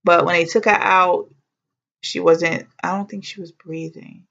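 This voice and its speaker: A woman's voice: fairly low pitch, fairly even intonation, measured pace, vocal fry, fairly bright tone, highs cut off. A woman vlogger telling a personal story in a chatty, heartfelt way, with exclamations and slang.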